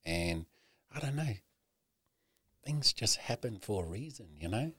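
A middle-aged man, a podcast guest, candidly telling a personal story, swearing often and halting with many "you know"s. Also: fairly low pitch, expressive, pushed and bright, breathy edge, no room sound.

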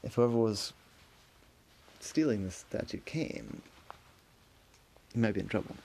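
A man's voice: lowish voice, animated, measured pace, vocal fry, a little mellow. A man narrating an improvised story loosely, with restarts and self-corrections.

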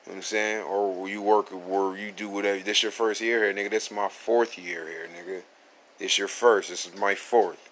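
A man's voice: on the low side, steady tone, normal speed, fairly bright tone. A man hosting his own podcast, telling a story from work in a boastful, streetwise, profane manner. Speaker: podcast host. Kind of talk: casual storytelling. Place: outdoors at a fair, at work. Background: faint outdoor ambience, people walking by.

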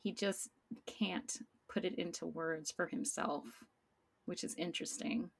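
A woman's voice: lowish voice, steady tone, unhurried, vocal fry, slightly rough. A woman co-hosting a casual recap chat, agreeable and reflective, laughing often. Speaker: podcast co-host.

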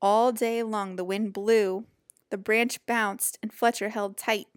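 A woman reading a children's picture book aloud in a gentle, expressive storytelling voice. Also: mid-range voice, takes it slowly, no echo, clean studio sound.

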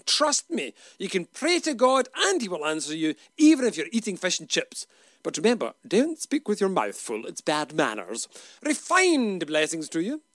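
Jokey Glaswegian minister, bouncy voice. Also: male voice, a little high, fairly bright tone, no echo, clean studio sound. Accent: Glaswegian Scottish. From Glasgow, Scotland. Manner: jokey, playful and down-to-earth. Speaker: church minister. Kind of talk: humorous short radio reflection.

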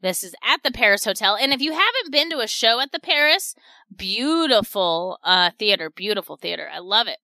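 A woman's voice: fairly high pitch, big pitch swings, normal speed, sharp tone, no echo. A woman hosting a local radio shopping show, chatting casually and repeating deals and prices in an upbeat sales patter.

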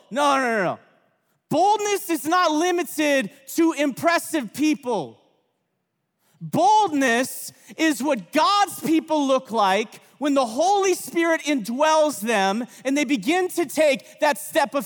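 A man in his thirties preaching at a conference, telling stories with animated, shouted bursts in a large hall. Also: very high-pitched. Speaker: pastor. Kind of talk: energetic conference sermon. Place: large hall with long reverb. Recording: reverberant hall, from a distance.

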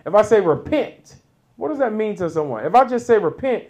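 A man preaching a sermon, reading scripture and explaining it, with laughs between points and sudden loud peaks. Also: high-pitched, big pitch swings, fairly quick.

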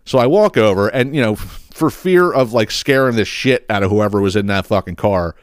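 Profane, animated man telling a story. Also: lowish voice, fairly quick, smooth, no room sound, studio quality. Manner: profane, animated storyteller who acts out quotes. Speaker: podcast host. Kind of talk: casual storytelling.

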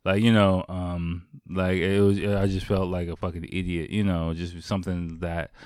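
Deep-voiced man telling a rambling story. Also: little pitch movement, normal speed, a little mellow, clean tone, no room sound, clean studio sound. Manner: swears freely, rambling with many fillers. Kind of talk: casual storytelling.

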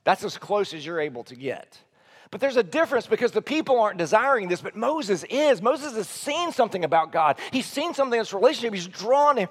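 A man, a teaching pastor, preaching an earnest, emphatic sermon that swings between soft low lines and loud high ones. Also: big pitch swings, a little fast, breathy edge. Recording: long hall reverb.

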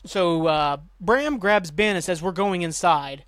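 A man hosting a podcast, casually recapping a TV episode in a rambling way, swearing and jumping into quick voices for the characters. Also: high-pitched, a bit bright, no echo. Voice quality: rambling, swears, acts out lines with quick voice jumps. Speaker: podcast host.

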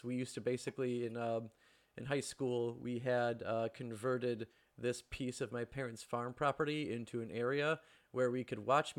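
A man in his thirties co-hosting a casual movie podcast, telling a story with lots of fillers and frequent laughs. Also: mid-range voice. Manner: rambling, laughs often, fillers. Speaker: podcast co-host. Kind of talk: casual chat about movies.

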